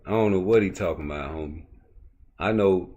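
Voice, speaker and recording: A man's voice: deep voice, fairly quick, a little mellow. A man hosting a boxing talk stream, ranting profanely at his chat with rhetorical questions. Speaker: boxing commentary host. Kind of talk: unscripted rant to a live chat.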